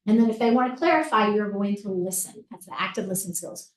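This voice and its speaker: A woman's voice: mid-range voice, fast, far from the mic. A middle-aged woman, a crisis negotiator, giving a practical and direct training talk to an audience. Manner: practical and direct, addresses audience as "you guys". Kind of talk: instructive presentation talk. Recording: roomy echo, voice from off-mic.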